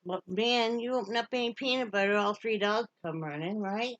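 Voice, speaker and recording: A middle-aged woman from Wyoming talks to her camera in a loose, rambling way, her voice neither high nor low. The sound is close and dry, with no room echo. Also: moderate pace, fairly bright tone, highs cut off. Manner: chatty, baby-talks to her dog. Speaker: vlogger. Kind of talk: casual chat to camera.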